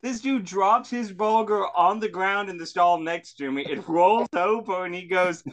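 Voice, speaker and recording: A man with a slight lisp telling rambling, deadpan absurd stories in casual podcast banter. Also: sits high, a little slow, very noisy. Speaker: podcast regular.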